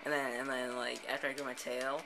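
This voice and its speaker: A man's voice: medium pitch, little pitch movement, fairly quick, gravelly, poor audio. A man, the host of a gameplay channel, improvising a rambling story full of "and then, like" restarts. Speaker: let's play host. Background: background music.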